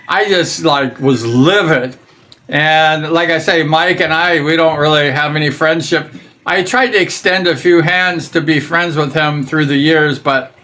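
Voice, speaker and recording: An older man from Southern California speaks in a casual, rambling storytelling style. His voice sits a little high for a man and has a bright, forceful edge. He talks bluntly, sprinkling in fillers and swear words. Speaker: vlogger recalling his racing days.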